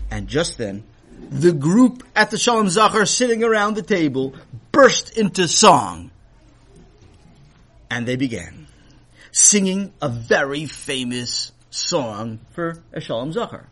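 Animated male children's storyteller. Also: medium pitch, moderate pace, breathy edge.

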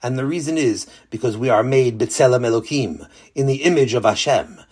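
A man narrating a children's story with a lesson at the end, lively and animated. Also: mid-range voice, normal speed, breathy edge.

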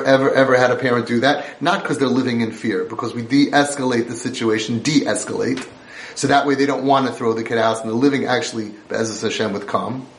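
A man's voice: mid-range voice, reverberant. A man giving a Torah lecture as a parenting coach, talking emphatically and conversationally and repeating his points.

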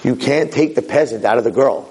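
A man's voice: medium pitch, brisk, a little mellow, breathy edge, close to an everyday voice, rough recording. A man voicing panicked royal advisors who scold their young king. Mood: exasperated. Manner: exasperated, scolding.

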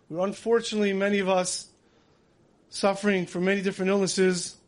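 A man giving a dramatic sermon, telling stories vividly and acting out the voices he quotes. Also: sits high.

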